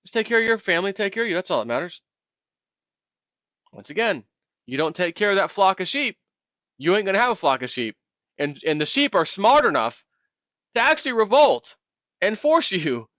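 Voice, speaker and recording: A man's voice: high-pitched, sing-song, moderate pace, pauses often, fairly bright tone, dry recording, dull audio. A man hosting a solo commentary video, ranting in a heated, impassioned way and acting out imagined callers.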